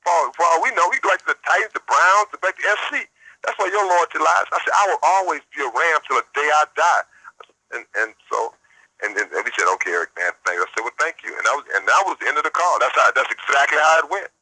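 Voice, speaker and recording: Brief: man in his 50s, radio guest, bright edgy husky voice, dry sound, keeps saying "I said". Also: fairly high pitch, quick pace, dry recording, rough recording. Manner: animated retelling, repeats "I said" constantly. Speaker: radio show guest, former football player. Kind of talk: phone-in radio interview.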